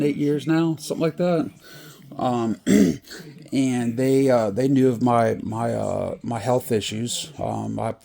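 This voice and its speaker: A man's voice: lowish voice, vocal fry, a little mellow. A man who breeds French Bulldogs, talking in a rambling, casual vlog with many restarts.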